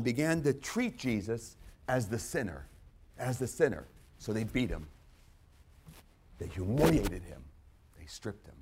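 A male preacher giving a sermon, repeating phrases for emphasis and swinging from quiet to loud, strained outbursts. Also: medium pitch, slightly rough. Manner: acts out quoted prayers in a strained, rising voice. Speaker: pastor.

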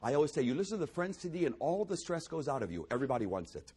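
A pastor preaching a sermon, swinging between loud exclamations and hushed near-whispers and repeating key phrases for emphasis. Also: male voice, fairly high pitch, very animated, rapid-fire, husky.

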